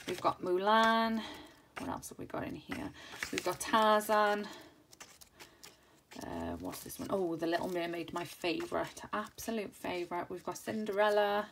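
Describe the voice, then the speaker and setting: A woman in her thirties chatting casually and enthusiastically through a craft haul, rambling with plenty of fillers. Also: fairly low pitch. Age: 30s. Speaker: crafting channel host. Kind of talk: casual haul video chat. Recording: noisy home recording.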